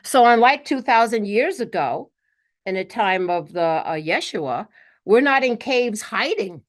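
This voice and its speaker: A woman's voice: medium pitch, expressive, unhurried. A woman from New York with a Brooklyn accent, giving an earnest spiritual talk to a group and often checking in with "okay". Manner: earnest, peppers talk with "okay", acts out quotes. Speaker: spiritual teacher.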